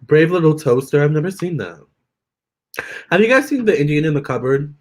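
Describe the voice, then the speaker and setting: A young man chatting casually with viewers during a live stream, expressive and talking straight to his audience. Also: a little high, a little fast. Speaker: live-stream tarot reader.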